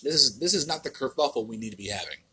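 A man's voice: mid-range voice, lively intonation, fast talker, sharp tone, husky. A man with an American accent hosting a podcast, ranting in a casual, exasperated and profane way with many restarts. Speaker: podcast host.

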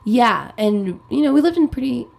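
A woman's voice: on the high side, lively intonation, normal speed, creaky, a little mellow. A young woman from Texas who has lost her voice, co-hosting a casual podcast chat and laughing easily. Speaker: podcast co-host.

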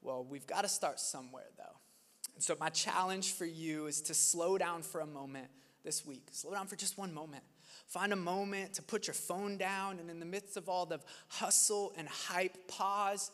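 A man's voice: sits high, moderate pace, a bit bright. A male pastor preaching a sermon in an earnest, conversational way, recorded in a large church sanctuary. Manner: earnest and conversational, laughs at his own stories. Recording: long reverb of a large hall.

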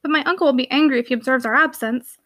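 A woman reading the part of a gentle young woman in an audiobook, earnest and heartfelt. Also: sits high, racing.

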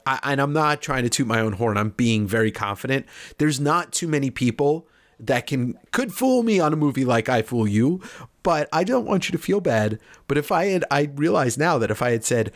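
A man's voice: medium pitch, animated, normal speed. A middle-aged man co-hosting a podcast in casual chat, confident and laughing often, swearing freely. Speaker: podcast co-host.

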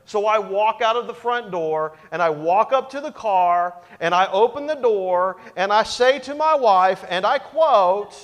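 Pastor, male, high-pitched, animated and self-mocking storyteller, reverberant sanctuary. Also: measured pace, hardly any pauses. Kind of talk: sermon storytelling.

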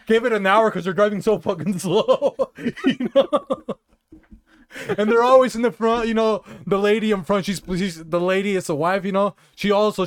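A man's voice: high-pitched, dry recording, clean studio sound. A man co-hosting a comedy podcast, rambling profanely with lots of laughter. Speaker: podcast co-host. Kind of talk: casual comedy banter.

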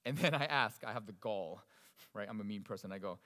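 A male pastor delivering a sermon, swinging between loud emphasis and hushed, soft passages. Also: lowish voice, fast, long reverb tail.

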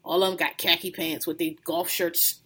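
Woman, casual podcast co-host, husky tone, bright edge, animated, laughs a lot, mocking impressions. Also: on the low side, normal speed. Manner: animated storytelling, laughing often, profane; mocking imitations of others. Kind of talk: casual chat.

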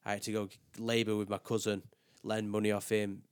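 A man's voice: fairly low pitch, level tone, fairly quick, clean tone, dry recording, studio quality. A young man, a podcast guest talking candidly in casual chat. He swears freely and often trails off and restarts. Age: young adult.

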